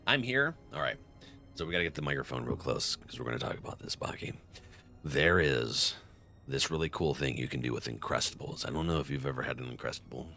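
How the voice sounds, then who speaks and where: A young male game streamer chatting loosely with his viewers, laughing often. His low voice is gravelly but bright, and his pitch swings in a lively way. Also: a little fast, faint music behind. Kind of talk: casual live-stream chat.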